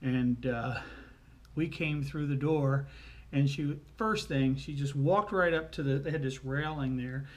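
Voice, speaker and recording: A man telling family anecdotes in a casual, folksy way, with frequent pauses and fillers. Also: mid-range voice. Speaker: storyteller.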